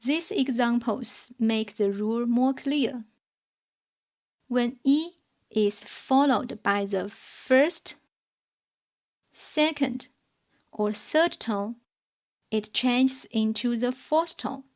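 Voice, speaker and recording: A woman narrating a scripted beginner language lesson, explaining rules in a measured, carefully enunciated way. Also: a little high. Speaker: language teacher.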